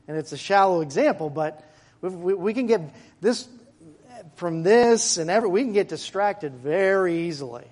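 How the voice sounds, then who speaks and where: A man preaching a sermon to his congregation in a church, in a conversational way with asides and quick jokes. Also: sits high, expressive, a little mellow. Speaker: pastor. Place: church sanctuary.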